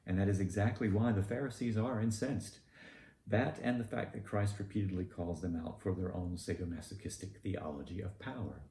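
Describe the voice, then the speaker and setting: A low-pitched man with a Southern US accent preaches a sermon, deliberate and pointed in his emphasis. His voice is dark and mellow. The recording sounds roomy and echoey, with a faint hum behind it.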